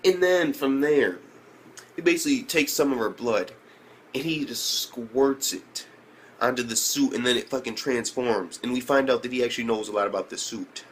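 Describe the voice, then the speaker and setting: A young man reviewing an anime episode in casual speech, slangy and profane, who keeps jumping up in pitch when he reacts. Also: normal speed, slight background noise.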